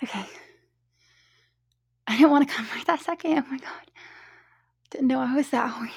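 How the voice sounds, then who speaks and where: A woman's voice: high-pitched, normal speed, creaky, pauses often, darkish tone, breathy edge, no room sound. A woman talking in an intimate improvised audio, whispery and giggly, hesitant and fumbling for words.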